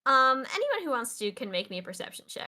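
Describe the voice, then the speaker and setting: Woman game master, bright and slightly high voice, loose filler-heavy narration. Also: very animated, fast.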